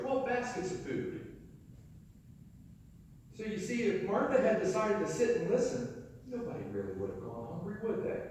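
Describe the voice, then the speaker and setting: High-voiced pastor in an echoey hall. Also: male voice, a little mellow, a little hiss or hum. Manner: folksy storytelling, acting out voices. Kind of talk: sermon. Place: church sanctuary. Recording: echoey church hall, mic far off.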